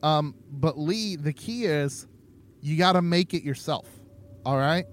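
A man's voice: on the high side, measured pace. A man co-hosting a podcast, steering the conversation and teasing his partner playfully. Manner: teasing, playful, leads the talk. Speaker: podcast co-host. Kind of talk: casual chat.

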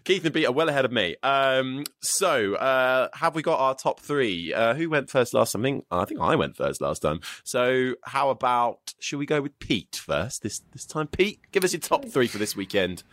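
A man's voice: mid-range voice, very animated, moderate pace, few pauses, fairly bright tone, no room sound. Easygoing podcast host man, dry sound. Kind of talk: casual podcast chat.

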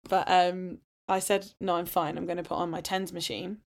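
A woman's voice: fairly low pitch, level tone, normal speed. A woman, telling her own story casually and frankly and laughing often. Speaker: podcast host sharing her birth story.

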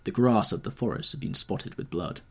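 Husky low-voiced male storyteller. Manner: measured, dramatic storytelling. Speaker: podcast audiobook narrator. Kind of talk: scripted narration.

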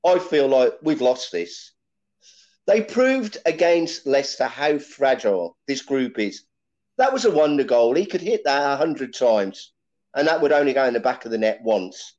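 A man's voice: mid-range voice, big pitch swings, normal speed, darkish tone. A man talking as a football fan panelist, rambling with lots of "you know, look" fillers. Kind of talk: fan chat. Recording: dull lo-fi audio.

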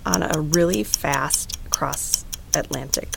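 Playful gravelly woman cohosting a podcast, noisy recording. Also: low-pitched, slow. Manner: giggly, animated, playful. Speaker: podcast co-host. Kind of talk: casual chat.

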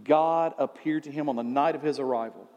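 A man's voice: a little high, a little fast, a little mellow, in a large hall. A male pastor giving a sermon in a conversational way, asking rhetorical questions.

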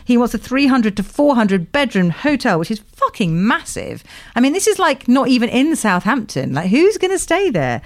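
A woman's voice: on the high side, big pitch swings, normal speed. A woman co-hosting a podcast, recapping a TV show in casual chat, laughing often and swearing now and then. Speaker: podcast co-host.

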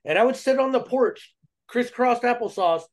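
A man's voice: extremely high pitch, lively intonation, normal speed. A man, a guest on a podcast interview, telling a personal story in a casual, earnest and slangy way with frequent restarts.

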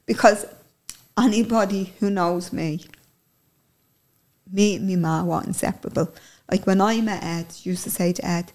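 Irish woman, gravelly voice, candid interviewee recounting a personal story, blunt and emotional, casual swearing. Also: mid-range voice, normal speed, darkish tone.

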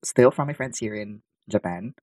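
A man's voice: lowish voice, normal speed, darkish tone, dry recording. A man co-hosting a casual podcast, easygoing and agreeable, often saying yeah. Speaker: podcast co-host. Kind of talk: casual chat.

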